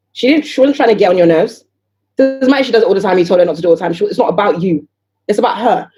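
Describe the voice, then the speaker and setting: Fast-talking mellow woman. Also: medium pitch. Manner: animated, rhetorical questions, acts out voices of others. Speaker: guest entrepreneur. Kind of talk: casual podcast conversation.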